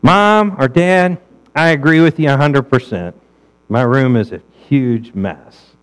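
A man's voice: mid-range voice, a little slow, clear, resonant tone, natural voice, rough recording. A man voicing a remorseful child who pleads with a parent not to be punished. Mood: apologetic. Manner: pleading, overly apologetic.

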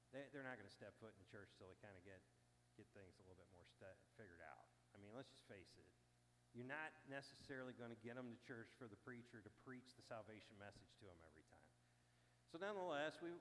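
Man preaching in an echoey hall. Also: mid-range voice. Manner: animated, acts out the people he quotes. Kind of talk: sermon storytelling. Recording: long hall reverb with faint hum.

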